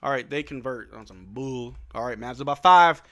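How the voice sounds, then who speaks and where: A young man hosting a live stream watch-along, giving excited fan play-by-play commentary and trash-talking players. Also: medium pitch, normal speed. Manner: excitable, shouts and laughs at big plays, trash-talks players.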